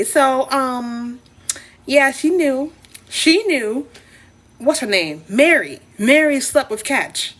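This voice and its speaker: Young woman on a live stream, kinda high voice, slow and drawly, giggly and teasing. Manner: giggly, animated, teasing, repeats herself. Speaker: TikTok livestreamer. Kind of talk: casual live-stream chat.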